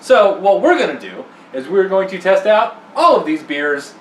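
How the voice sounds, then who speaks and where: A man's voice: high voice, sing-song, normal speed. A man co-hosting a casual beer review, joking as he leads the tasting. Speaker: co-host. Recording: echoey room, far from the mic, faint hiss.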